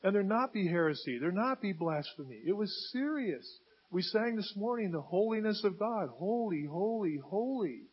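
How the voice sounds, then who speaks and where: A man preaching with a high, husky voice that swells into loud, emphatic bursts. The sound is dull and lo-fi, like a modest church recording. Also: lively intonation, normal speed. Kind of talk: sermon.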